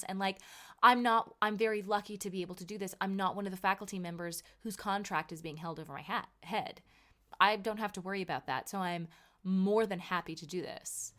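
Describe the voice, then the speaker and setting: A woman's voice: medium pitch, brisk, fairly bright tone. A woman in her thirties hosting a casual solo podcast, chatty and emphatic, sounding sleepy and tired. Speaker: podcast host and author.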